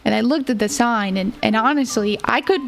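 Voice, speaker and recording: A woman's voice: a little high, a little fast, creaky. A young woman streamer chatting casually, rambling through a story and giggling often. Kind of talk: casual livestream chat.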